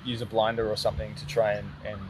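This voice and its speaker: A man's voice: fairly low pitch, completely flat delivery, quick pace, rough recording. A man, an archery coach hosting a casual live Q&A, explaining things step by step and joking around. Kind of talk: casual live-stream Q&A chat. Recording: clear background noise.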